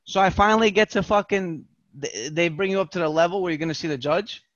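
A man's voice: sits high, fast, no room sound, dull audio. A man telling a long profane story in casual chat, acting out the voices of the people in it. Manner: animated, profane, acts out quoted voices. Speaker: podcast guest telling a story.

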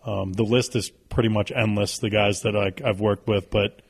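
A man in his thirties, a podcast guest telling stories in a casual, animated way, swearing freely. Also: on the low side, normal speed, gravelly, slightly rough. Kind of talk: casual storytelling.

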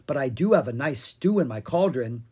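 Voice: medium pitch, expressive, moderate pace, darkish tone, husky. A reader voicing a chatty, sly old witch in a children's storybook, talking in a sing-song way.

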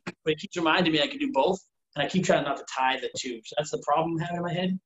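A man's voice: fairly high pitch, racing, fairly bright tone, a little hiss or hum. A man in casual chat, talking earnestly and at length, full of "like" and acted-out quotes. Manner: rambling, earnest, fillers of "like", acts out quoted dialogue. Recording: roomy, dull sound.

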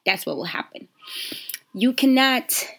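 Woman, business coach, casual podcast talk, candid and animated, stumbles over words and corrects herself. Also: on the high side, unhurried. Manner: animated and candid, frequent fillers and self-corrections.

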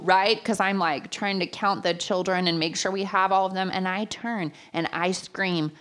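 Woman, preacher, sermon, animated storytelling, acts out quotes, mid pitch.

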